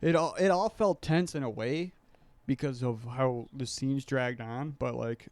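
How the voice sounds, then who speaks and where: A man's voice: medium pitch, measured pace, a little mellow, no echo. Laid-back man chiming in with jokes. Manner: laid-back, laughs often, chimes in with jokes. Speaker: podcast co-host. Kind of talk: casual chat.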